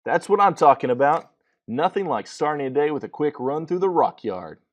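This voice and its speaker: A man's voice: fairly high pitch, lively intonation, moderate pace, dull audio, voice pushed up, lightly acted. A man reading a screenplay aloud, voicing a cocky young male starfighter pilot who whoops and teases. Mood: exuberant. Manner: whooping, breezy, teasing.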